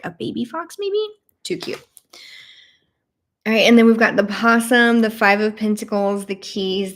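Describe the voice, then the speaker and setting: A bubbly young woman hosts a live tarot deck flip-through. She coos over cute cards and chats back to her viewers, with a little vocal fry at the ends of her phrases. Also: medium pitch. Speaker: tarot channel host.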